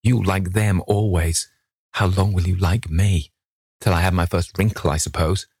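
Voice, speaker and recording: A man's voice: low voice, fairly even intonation, normal speed, darkish tone, slightly rough, no room sound, clean studio sound. A man reading an audiobook and voicing a beautiful, vain young man who speaks emotionally and pleadingly. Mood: bitter.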